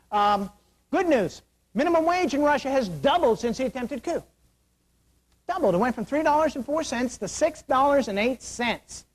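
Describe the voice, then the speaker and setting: A man's voice: very high-pitched, poor audio. A middle-aged man giving a security briefing to an auditorium, joking and asking rhetorical questions, his voice wearing thin. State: losing his voice. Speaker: security awareness speaker. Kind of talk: lecture to an auditorium.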